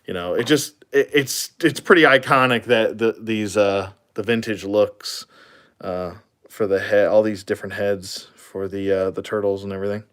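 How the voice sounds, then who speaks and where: A man with a somewhat low voice talks through a casual toy review. He rambles loosely, filling pauses and chuckling along the way. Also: fairly even intonation, fairly bright tone. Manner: rambling, many fillers and chuckles.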